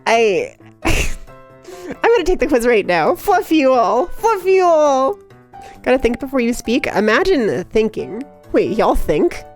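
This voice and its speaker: A young woman livestreamer in casual chat, giggly and excitable, rambling chaotically to her viewers. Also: medium pitch. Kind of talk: casual live-stream chat.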